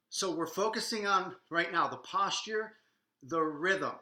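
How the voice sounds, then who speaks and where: A man with a bright, forceful voice teaches a dance lesson in an echoey room. He coaches energetically and counts out the beats while dancing, a little out of breath at times. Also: sits high, expressive, a little slow. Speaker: swing dance instructor. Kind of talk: live online dance lesson.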